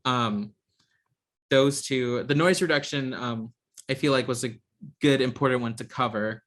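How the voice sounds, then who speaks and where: A man teaching an online software class over a video call, talking in a hesitant way with many ums and restarts. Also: medium pitch, unhurried. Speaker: instructor.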